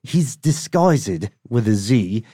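A man's voice: lowish voice, sing-song, takes it slowly, dark tone, dry recording, studio quality, heavily acted. A man putting on an English accent to play an old-fashioned gent, reading slang with bouncy emphasis. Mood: jaunty. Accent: English, put on. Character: jaunty old-time Englishman reciting slang.

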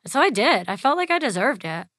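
A woman in her thirties tells her own story in a loose, chatty way. She acts out the quoted lines and scatters "like" everywhere. Her voice is bright and sits a little high, recorded close and dry. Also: very animated, quick pace, no room sound. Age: 30s. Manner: chatty, acts out quoted dialogue, heavy use of "like". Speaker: interviewee. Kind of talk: casual storytelling.

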